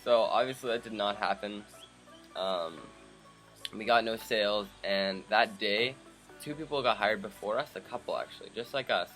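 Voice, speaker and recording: A man's voice: fairly low pitch, normal speed, soft background music. A young man from Canada casually telling a story to camera for his vlog, acting out the people he quotes. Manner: animated, acts out quoted people. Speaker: vlogger.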